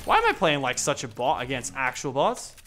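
A young man giving excited gameplay commentary, laughing and chatting to opponents. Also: mid-range voice, a little fast, slight background noise. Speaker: gaming YouTuber.

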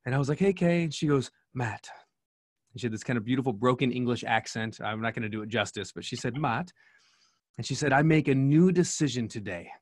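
Recorded dry and at studio quality, a middle-aged man with a mid-range voice recounts an earnest story as a guest in a podcast interview. He's a speaker and coach, and he restarts frequently.

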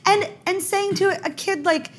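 A woman comedian talking candidly as an interview guest, telling stories quickly and animatedly with bursts of laughter. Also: very high voice, fairly even intonation, slight background noise.

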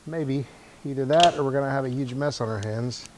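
A man's voice: medium pitch, fairly quick, background noise. A man casually narrating as he works in his garage, thinking aloud with wry, self-deprecating asides. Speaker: channel host repairing a motor scooter. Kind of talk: casual narration while working.

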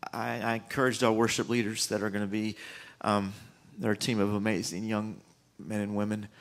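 A man, a youth pastor speaking casually and emotionally to a church youth group, with many ums and restarts. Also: fairly low pitch.

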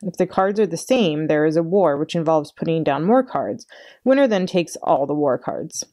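A woman librarian reading a children's chapter book aloud in an expressive storytelling way. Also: deep voice, moderate pace. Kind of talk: read-aloud storytime narration.

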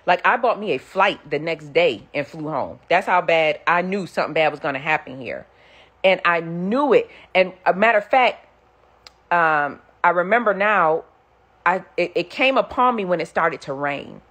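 A middle-aged woman preacher giving an animated testimony, acting out the voices she quotes. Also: fairly low pitch, moderate pace. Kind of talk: sermon-style storytelling.

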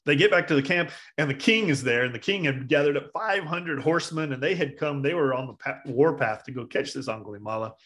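A man's voice: on the high side, lively intonation, a little fast, hardly any pauses, a bit bright. A male Zen teacher retelling a story in a casual dharma talk, rambling with hesitations and restarts.

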